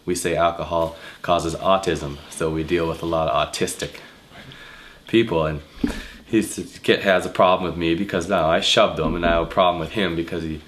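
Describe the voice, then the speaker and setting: A very deep-voiced man tells a story in a laid-back, rambling way. He leans on fillers and keeps checking in with "right?" as he goes. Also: fairly bright tone. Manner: laid-back, filler-heavy, tag questions. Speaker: nightclub bouncer. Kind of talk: casual storytelling.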